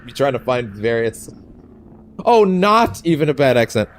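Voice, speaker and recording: A man's voice: mid-range voice, very animated, normal speed. A man streaming a game, rambling casually, swearing and laughing often as he plays. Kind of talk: casual let's-play commentary.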